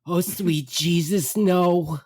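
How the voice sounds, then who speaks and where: A man's voice: sits high, steady tone, takes it slowly, a little mellow, slightly rough, voice pushed up, full character voice. A man playing a complaining older mother who whines and repeats herself. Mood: moaning. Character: whiny hungry older mother.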